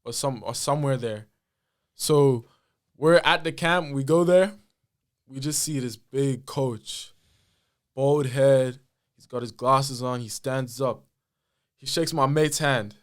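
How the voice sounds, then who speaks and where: A young man, a podcast guest telling a story in a lively, casual way with lots of fillers. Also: mid-range voice, slow, pauses often. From Australia. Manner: animated, full of fillers and acted-out quotes. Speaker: podcast guest, basketball player.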